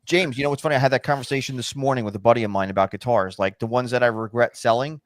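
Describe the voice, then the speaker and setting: A man chatting as a guest, telling relaxed stories. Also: mid-range voice, racing, dry recording, clean studio sound. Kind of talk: casual chat.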